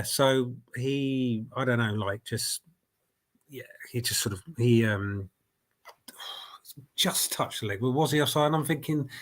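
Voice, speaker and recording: This man's medium-pitched voice has a fairly bright tone, though he's got a cold as he hosts a live football reaction stream for his fan channel. Speaking into a laptop desk mic at home, he chats loosely, restarting sentences and dropping in plenty of ums and uhs.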